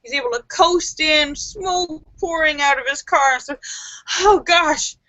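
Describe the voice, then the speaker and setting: Bright, slow-talking woman joke host. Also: sits high, no room sound. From Los Angeles based. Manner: playful, animated joke-telling with silly voices. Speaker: livestream host. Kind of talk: casual joke-telling livestream.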